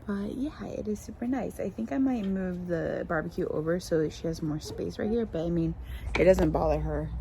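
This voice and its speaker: A mom vlogger chatting casually in her backyard, relaxed with the camera and turning to sing-song baby talk with her toddler. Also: on the low side, normal speed, gravelly. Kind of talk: casual home vlog chat. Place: backyard outdoors. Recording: outdoor ambient noise.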